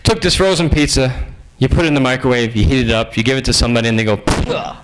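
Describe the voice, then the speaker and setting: A man giving a humorous sermon-style lecture in a conversational, joking way with lively asides. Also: medium pitch, rapid-fire, background noise.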